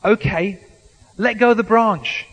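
Spoken by a preacher, a steady, reassuring God calls down with firm, plain instructions. The voice stays calm and a touch raised, patient rather than booming. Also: male voice, unhurried, big-room sound, lo-fi sound, exaggerated voice.

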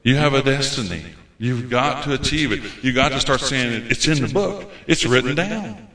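A man preaching with fervor in a folksy, repetitive way. His voice is bright and forceful. It rings out through a roomy church hall. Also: mid-range voice, normal speed. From United States. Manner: folksy, repeats phrases, fervent. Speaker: visiting preacher. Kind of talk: sermon.

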